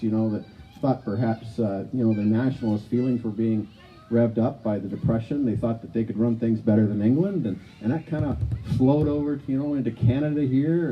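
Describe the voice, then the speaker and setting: A man emcees a live outdoor stage show in a playful showman style, chatty and rambling, sprinkling in plenty of "you know" asides. His voice sits in the mid-range, and the recording has its highs cut off.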